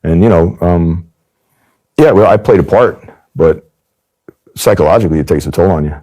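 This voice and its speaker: A man's voice: sits low, normal speed, mellow. A man recounting his time as an undercover agent in a candid interview, emphatic and repeating phrases for stress. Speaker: former undercover agent telling his story.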